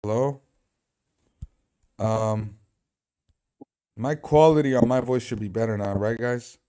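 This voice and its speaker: A man's voice: medium pitch, steady tone, slow pace, dark tone, clean tone. Rambling casual livestream host, man. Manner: rambling, distracted, swearing.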